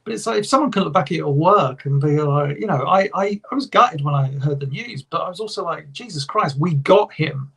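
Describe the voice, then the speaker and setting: Husky man, rambling fan chat. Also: a little high, expressive, fairly quick, hardly any pauses, a bit bright. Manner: enthusiastic, rambling, swears often. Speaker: podcast co-host. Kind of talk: casual chat.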